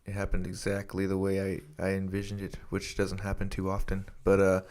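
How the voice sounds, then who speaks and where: Low-voiced young man rambling casually. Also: monotone, brisk, a little mellow. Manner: rambling, swears freely, many restarts. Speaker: podcast co-host. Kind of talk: casual chat.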